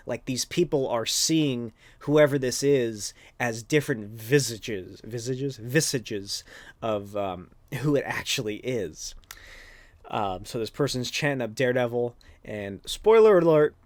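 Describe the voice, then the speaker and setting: A man's voice: mid-range voice, expressive, unhurried, no echo. A man hosting a podcast, recapping a comic in a rambling, casual way with lots of swearing and filler words. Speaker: podcast host.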